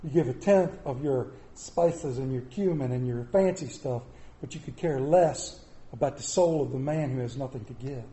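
A middle-aged pastor preaching a sermon in a church, animated and mixing comic asides with scripture. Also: male voice, medium pitch, normal speed, reverberant. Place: church sanctuary.

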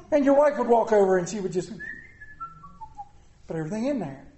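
High-voiced preacher in an echoey church. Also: male voice, warm tone. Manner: preaching with dramatic pauses and repetition. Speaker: pastor. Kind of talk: sermon. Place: church sanctuary. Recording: echoey room.

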